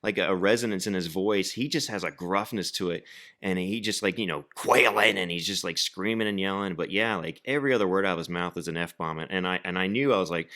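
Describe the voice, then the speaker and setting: A man's voice: sits low, fairly quick, bright, forceful tone. A man hosting a podcast, chatting in a rambling, enthusiastic way with many fillers. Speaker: podcast host. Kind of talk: casual chat.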